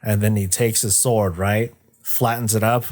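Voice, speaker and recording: A man's voice: on the low side, steady tone, darkish tone. A young man chatting casually on a livestream, rambling and swearing, joking as he retells a story. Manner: rambling, profane, jokey, acts out characters in quick asides. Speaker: streamer discussing game lore.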